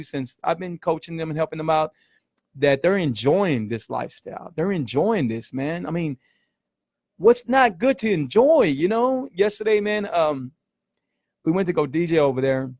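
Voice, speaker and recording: Man, middle-aged, casual livestream host, repeats himself for emphasis, gravelly, dry close sound. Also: a little high, no room sound. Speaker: keto coach and show host.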